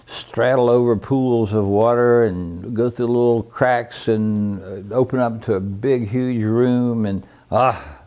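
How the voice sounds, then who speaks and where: The old caver's fairly low, dark voice comes through a muffled recording. He tells stories about his past in a homespun, wandering, no-nonsense manner.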